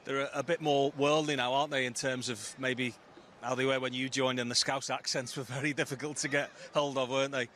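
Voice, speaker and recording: A man presenting a live football broadcast, leading the guests with brisk questions. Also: mid-range voice, fairly even intonation, sharp tone, a little hiss or hum.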